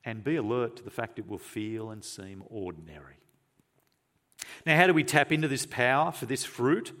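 A man preaching a sermon, earnest and emphatic, asking rhetorical questions and moving between forceful stresses and quiet, hushed phrases. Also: medium pitch, expressive, moderate pace.

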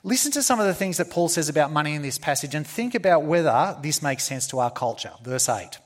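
An Australian man preaches a sermon in an earnest, emphatic way. He circles back on phrases for emphasis and fills gaps with "uh." His voice sits a little higher than most men's. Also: lively intonation, fast, few pauses. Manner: earnest, repetitive emphasis with fillers.

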